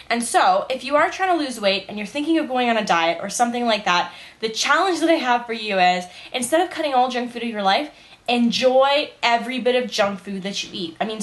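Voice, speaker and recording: A woman's voice: a little high, fairly bright tone. Chatty young woman with a morning voice. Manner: chatty, rambling, says "like" and "you know" often. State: morning voice, just woke up. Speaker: vlogger. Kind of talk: casual vlog monologue. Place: at home, indoors.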